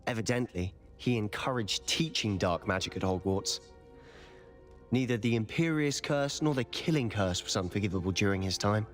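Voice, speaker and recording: A man's voice: on the low side, moderate pace, natural voice. A man voicing an earnest young wizard student. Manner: earnest, explanatory. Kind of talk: video game dialogue. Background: faint game music.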